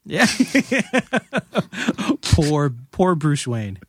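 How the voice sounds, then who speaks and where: A man talking as a guest film critic in a casual podcast chat, animated and quick to laugh. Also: fairly high pitch, dry recording.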